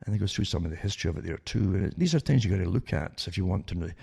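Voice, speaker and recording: A man's voice: deep voice, expressive, rapid-fire, creaky, warm tone, breathy edge. An older man hosting a talk radio show, rambling with many restarts and sarcastic asides that end in "eh?".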